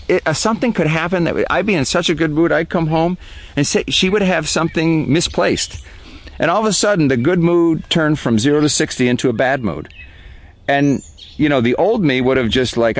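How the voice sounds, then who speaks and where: A man speaking as the guest artist in a reflective interview, earnest and growing animated when he makes a point. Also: a little high, a little hiss or hum, rough recording.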